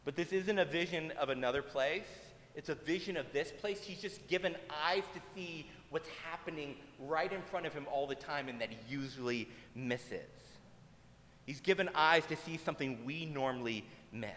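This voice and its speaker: A man's voice: fairly high pitch, normal speed, fairly bright tone, slight background noise. A male pastor preaching a sermon in a conversational, humorous way, recorded in a church hall. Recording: long hall reverb.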